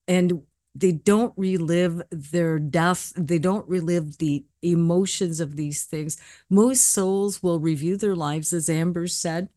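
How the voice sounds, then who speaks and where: A woman working as a psychic medium, talking earnestly and reassuringly in a casual panel discussion and telling stories gently. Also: lowish voice, no room sound, studio quality.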